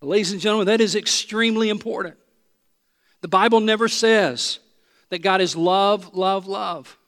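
Emphatic high-voiced male preacher. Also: moderate pace, in a large hall. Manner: emphatic, swings from loud proclamation to soft intimate asides. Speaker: pastor. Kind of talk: sermon.

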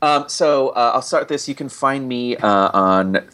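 A man chatting as a guest, telling a story in a lively way and acting out the people he quotes. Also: mid-range voice, a little slow. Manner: animated storyteller, acts out quoted voices. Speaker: guest, online reviewer. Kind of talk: casual conversation.

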